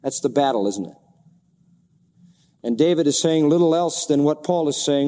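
A man's voice: fairly high pitch, lively intonation, moderate pace, pauses often, warm tone, long reverb tail. A man preaching a sermon as a pastor, asking repeated rhetorical questions and reading scripture aloud in old-fashioned wording.

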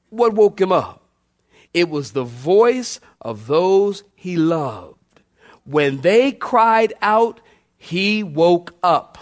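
Speaking slowly with big, sweeping swings in pitch, a male pastor delivers a sermon. He drives his points home by repeating them and uses call-and-response to draw in the congregation.

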